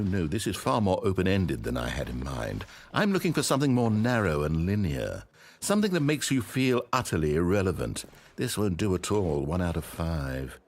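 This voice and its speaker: A man's voice: deep voice, slight background noise, exaggerated voice. A man voicing a pompous, condescending male game narrator in a comedy parody, speaking in a grandiose, theatrical way.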